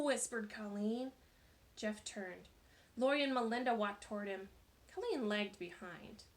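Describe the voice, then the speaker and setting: A woman reading a children's novel aloud in a lively, expressive way. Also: mid-range voice, unhurried. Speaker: narrator.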